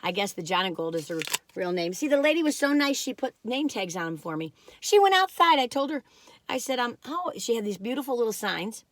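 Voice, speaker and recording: Reviewing food on camera, this sixties-aged vlogger chats in a rambling, self-deprecating way. Her slightly squeaky, age-mellowed voice is sing-song and a little fast.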